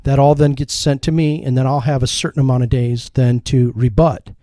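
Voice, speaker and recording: Folksy man with a mellow dry voice. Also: medium pitch, steady tone, a little fast, no echo. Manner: folksy, lectures with patriotic phrases, corrects others. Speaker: complainant talking on a local political show. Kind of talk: casual political talk.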